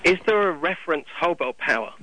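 English male caller, fast and bright, heard over a phone line. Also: a little high, lively intonation. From England. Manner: polite, cheeky. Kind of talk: phone-in call to a radio show.

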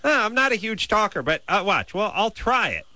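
A man hosting a call-in radio show from a studio, nasal and wordy, arguing his points in a deadpan way. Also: high voice, normal speed, no room sound. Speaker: radio host. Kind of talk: late-night call-in radio banter. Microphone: studio mic.

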